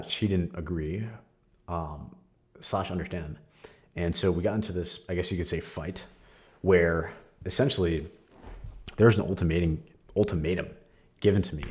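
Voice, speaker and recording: A young man hosting a podcast, sharing a candid personal testimony in a casual, conversational way with frequent fillers and soft laughs. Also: deep voice. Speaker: podcast host.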